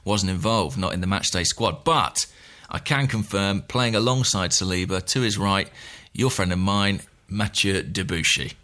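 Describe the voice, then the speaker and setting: A man co-hosting a podcast, joking around and chatting in a playful, animated way. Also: low voice, moderate pace. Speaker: podcast co-host. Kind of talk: casual podcast chat.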